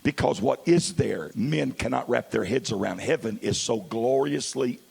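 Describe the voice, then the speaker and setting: A male pastor delivers a sermon in a deeply gravelly, husky voice. He moves between low, quiet asides and loud, stretched-out calls. He speaks at a middle pitch. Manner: swings from quiet asides to loud, drawn-out preaching.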